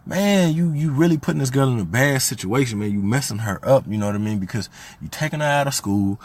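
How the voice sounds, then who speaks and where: A podcast host in his thirties from Little Rock, Arkansas, tells stories in a casual monologue, his medium-pitched voice slightly rough. His loose, conversational style turns heated and emphatic when he recounts his frustrations.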